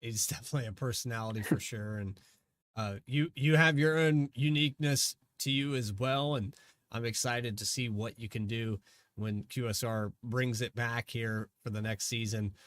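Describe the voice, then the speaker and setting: A man's voice: mid-range voice, normal speed, fairly bright tone, no room sound. A man hosting a post-race interview in a chatty, rambling way. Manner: chatty, rambling, hesitant restarts. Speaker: race broadcaster.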